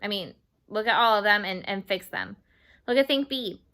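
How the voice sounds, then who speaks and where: A woman's voice: mid-range voice, fairly bright tone. A woman teaching English grammar to Spanish-speaking children, repeating each word patiently and slipping in Spanish glosses. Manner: slow, patient, repeats words for students.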